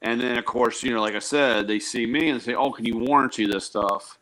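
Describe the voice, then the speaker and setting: A man's voice: medium pitch, fairly even intonation, brisk, bright, forceful tone, poor audio. A man, a tool truck dealer, chatting casually as a guest and telling wry, joking stories. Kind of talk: casual chat on a live show.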